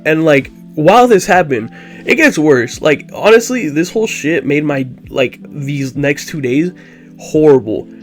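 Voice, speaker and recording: Young man, vlogger, casual storytelling, rambling with lots of fillers, slightly high voice, faint guitar behind.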